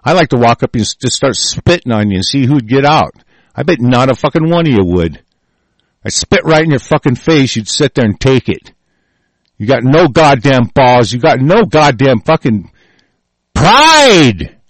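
A man's voice: very animated, moderate pace, dry recording. Swearing, ranting man. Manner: reads lines aloud then rants with heavy swearing; loud and heated, then mutters low. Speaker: vlogger reacting to a text. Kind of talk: profane angry political rant.

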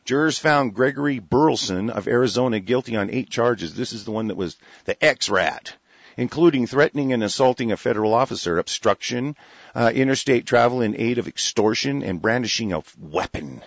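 A man's voice: medium pitch, no echo. A man reading a news article aloud and breaking off into heated, profane rants about it. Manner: profane, heated, interrupting his own reading to rant. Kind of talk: reading an article with angry commentary. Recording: dull lo-fi sound.

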